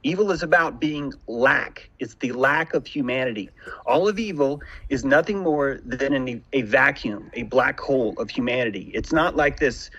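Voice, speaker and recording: A man's voice: mid-range voice, moderate pace, a bit bright, slightly rough, lo-fi sound. A man hosting a casual podcast conversation, talking in intense, philosophical monologues from a home room. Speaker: podcast host.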